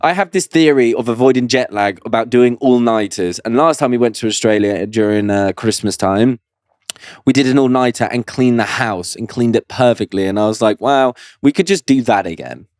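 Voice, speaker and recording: A man's voice: mid-range voice, moderate pace, darkish tone, dry recording, clean studio sound. A young man co-hosting a podcast, laid-back and teasing in casual chat. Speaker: podcast co-host.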